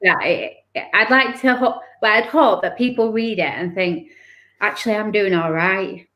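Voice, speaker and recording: A woman opens up as an interview guest. She talks candidly and with feeling, stopping and restarting her sentences as she recounts hard times. Her pitch sits at a middling level. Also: normal speed, fairly bright tone. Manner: candid and emotional, many restarts and self-corrections. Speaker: guest author. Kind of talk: personal storytelling in an interview.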